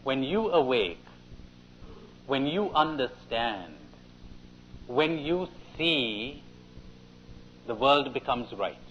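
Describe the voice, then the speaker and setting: A man giving a spiritual talk to an audience and telling a story in an animated way. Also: medium pitch, extremely slow, pauses often. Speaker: speaker at a retreat conference. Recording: dull, faintly hissy 1980s cassette tape.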